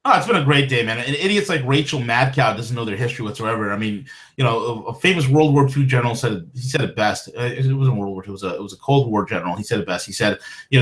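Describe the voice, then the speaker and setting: A man's voice: medium pitch, lively intonation, fast talker, fairly bright tone. A man in casual political talk-show chat, crude and mocking, often laughing.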